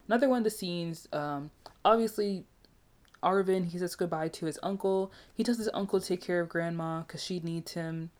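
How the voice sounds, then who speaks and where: A woman giving a casual, animated movie review, chatty and emphatic with frequent asides. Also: on the low side.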